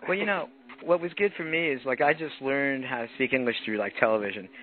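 A man's voice: mid-range voice, fast talker. A man who grew up in France, a guest musician chatting casually in an interview, rambling with lots of fillers. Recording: tinny phone-like line, faint noise.

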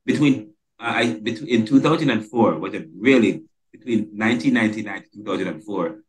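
A man's voice: fairly low pitch, brisk. A man hosting a podcast interview, who talks emphatically and stumbles and restarts his words. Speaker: podcast host.

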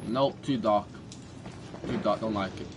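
A man's voice: fairly low pitch, measured pace, very noisy. A young British man commentating a horror game, swearing a lot and jumping at scares. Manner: jumpy, swearing, crude jokes. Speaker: gaming streamer.

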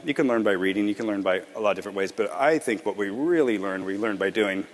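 A man giving a casual conference talk to designers, relaxed and rambling, often restarting his sentences. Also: on the low side. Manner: relaxed, rambling, self-correcting. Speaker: conference presenter. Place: large conference hall. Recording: long hall reverb.

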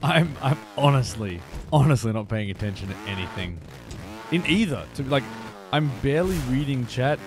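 A man's voice: mid-range voice, moderate pace. A man streaming a game and chatting casually, rambling and self-mocking while he answers chat. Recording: steady noise behind the voice.

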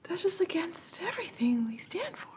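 Woman voicing a soft, fretful pixie. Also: extremely high pitch, big pitch swings, measured pace, slight background noise, voice pushed up, full character voice. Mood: earnest. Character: gentle pacifist female pixie, fretful and soft.

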